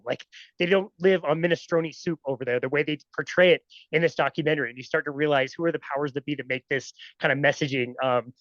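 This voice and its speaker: A podcast host talks quickly and eagerly, steering a casual conversation with a guest. The sound is dull and lo-fi, close and dry with no room echo. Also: medium pitch. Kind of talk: casual interview chat.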